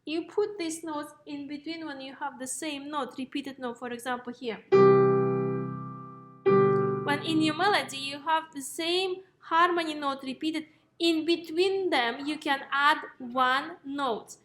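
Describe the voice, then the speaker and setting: A woman's voice: high voice, measured pace. A woman teaching a music theory lesson, explaining step by step and checking in with "okay?" and "yes?". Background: piano notes played between phrases.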